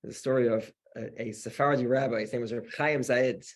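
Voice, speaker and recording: A male rabbi tells a story to his class in a husky voice at a middle pitch. He talks loosely and conversationally, doubling back on his words as he goes. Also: fairly even intonation, brisk. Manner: conversational, with many restarts and "you know". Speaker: rabbi teaching a weekly class. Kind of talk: storytelling lesson.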